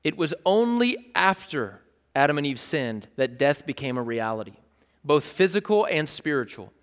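Male pastor with a slightly high voice, conversational teaching tone, long hall reverb. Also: sing-song, normal speed, clean tone. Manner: conversational and explanatory, frequent "like" and restarts. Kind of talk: sermon.

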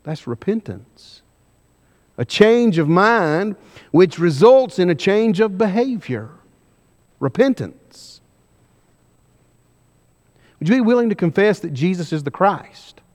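A man preaching a sermon, pressing the congregation with repeated questions and slowing down for emphasis. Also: sits high, sing-song, darkish tone. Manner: emphatic, questioning the congregation, varying pace widely. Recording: long hall reverb.

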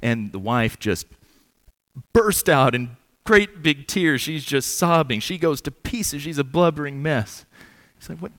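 A man preaching an earnest, measured sermon in church, with touches of gentle humor. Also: a little high, animated, no echo.

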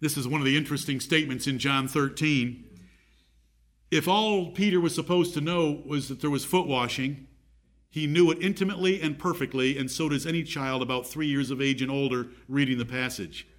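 A man's voice: a little high, steady tone, fairly quick. A man preaching a sermon, rising emphatically on key points.

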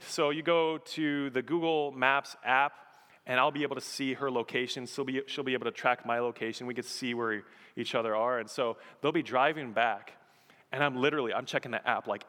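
Bright-voiced pastor preaching in a reverberant hall. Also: male voice, mid-range voice, fairly quick. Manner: impassioned, rises to loud emphatic appeals then drops soft. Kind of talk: sermon. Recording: long reverb of a large hall.

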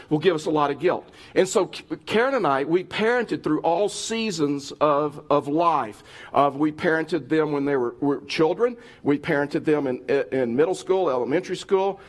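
A middle-aged male pastor delivering a sermon with a slightly raised voice. He presses his point earnestly, turns straight to his listeners, and often stumbles and restarts mid-phrase. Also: a little high. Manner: earnest, addressing listeners directly, frequent restarts. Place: church service.

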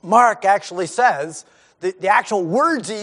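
Male pastor, high and swooping voice, animated storytelling sermon. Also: unhurried. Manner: animated, acts out the disciples' panic in asides.

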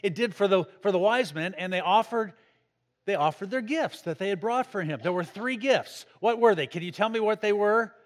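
Male pastor, sermon, fairly high voice, dynamic emphasis, questions to the congregation. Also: expressive, moderate pace, in a large hall. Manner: dynamic preaching, pitch and volume rising for emphasis, asks the congregation questions. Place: church.

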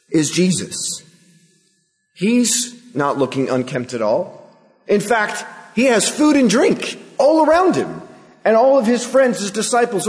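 A male pastor preaching a sermon, emphatic and full of rhetorical questions. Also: a little high. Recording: long hall reverb.

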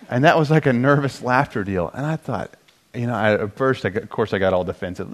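A middle-aged man teaching a marriage course in a relaxed, conversational way, joking at his own expense and getting animated when he quotes himself. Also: mid-range voice, fast talker.

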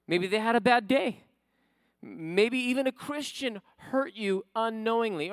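A man's voice: sits high, a bit bright, dry recording. A man preaching a sermon who tells a family story, then builds to emphatic preaching. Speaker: pastor.

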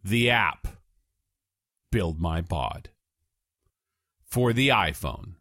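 A man with a bright, animated voice hosts a casual chat show, hamming it up like an infomercial pitchman. He talks slowly and deliberately, spelling out addresses letter by letter in the phonetic alphabet. The sound is dry and close. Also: no echo. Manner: lively pitchman delivery, spells out web links in phonetic alphabet. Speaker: podcast co-host presenting tech gifts. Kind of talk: casual podcast banter, mock sales pitch.

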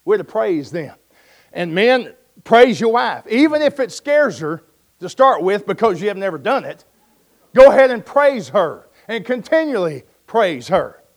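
A man's voice: high voice, very animated, a little slow. A man preaching a sermon, urging his listeners with emphatic, folksy storytelling and jokes.

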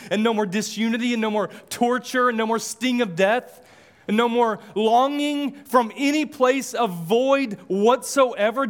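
A male pastor preaching a sermon, impassioned, with repeated rhetorical questions and casual asides. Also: high-pitched.

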